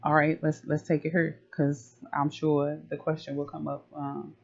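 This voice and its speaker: Gravelly, flat-toned man giving relationship advice. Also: fairly high pitch, measured pace. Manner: conversational, loose slang, acts out family talk. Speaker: relationship coach. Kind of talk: casual advice monologue. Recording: slightly dull lo-fi audio.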